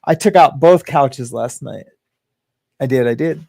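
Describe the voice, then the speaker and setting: A man hosts a rambling, casual livestream from his living room, talking to viewers and reading their comments aloud. His voice sits at a middle pitch and the sound is dry and close. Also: measured pace, vocal fry, darkish tone, no room sound. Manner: chatty, rambling, reads viewer comments aloud, laughs often. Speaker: host. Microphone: webcam or phone in his home.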